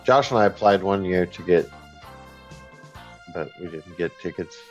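Man, co-host, wry joking asides, lowish voice, muffled lo-fi recording. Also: normal speed, over music. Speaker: podcast co-host. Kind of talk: casual movie podcast chat. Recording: dull lo-fi mic.

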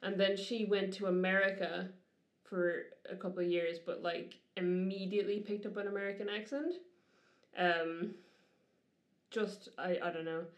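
A woman's voice: medium pitch, steady tone, normal speed, dull audio. A woman from Dublin with an Irish accent, co-hosting a podcast in chatty, giggly conversation. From Ireland, Dublin. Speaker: podcast co-host. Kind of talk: casual chat. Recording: roomy echoey room.

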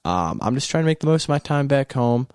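A young man in his late teens co-hosting a casual chat, laid-back and tired, often pausing on fillers. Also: medium pitch, expressive, a little mellow, smooth, no room sound, studio quality. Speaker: co-host.

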